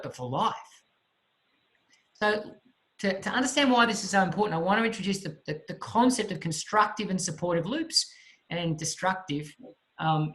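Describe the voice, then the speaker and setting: A man giving a motivational talk, telling a story in an animated way with vivid sound effects. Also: sits high, poor audio. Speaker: motivational speaker.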